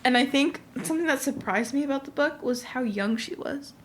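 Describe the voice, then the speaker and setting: A woman's voice: high voice, a little fast, a little hiss or hum. A young woman co-hosting a book club podcast in casual chat, emphatic and candid, agreeing often. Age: young adult.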